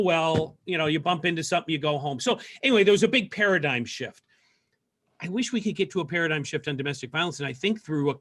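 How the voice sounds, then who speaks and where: A man's voice: a little high, a bit bright. A man hosting a civic talk show over a video call, earnest and musing as he interviews guests. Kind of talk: casual interview chat.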